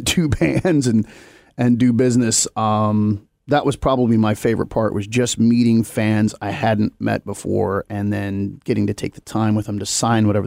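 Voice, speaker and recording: A man's voice: on the low side, gravelly, dry recording. Joking man on a dry podcast mic. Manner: joking, animated storytelling with acted-out quotes. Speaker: podcast co-host. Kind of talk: casual chat.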